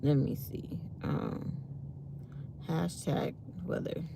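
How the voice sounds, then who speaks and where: A woman's voice: sits low, fairly even intonation, takes it slowly, vocal fry, background noise. A tired woman hosting a casual morning chat with her viewers, reading comments aloud as she talks. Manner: chatty, reads live comments aloud. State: tired and yawning. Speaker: channel host.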